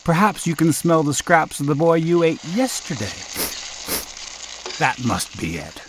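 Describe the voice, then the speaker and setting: A man voicing a giant's kindly wife in a storybook read-aloud, speaking in a raised, gentle voice. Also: on the high side, very animated, a little slow, noisy background, voice pushed up. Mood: soothing.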